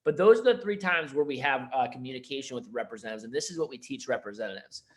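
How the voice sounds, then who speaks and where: Young guy teaching sales managers, casual and fired up, mid pitch, acts out calls. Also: fast. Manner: energetic, conversational, acts out phone calls. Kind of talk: casual training talk.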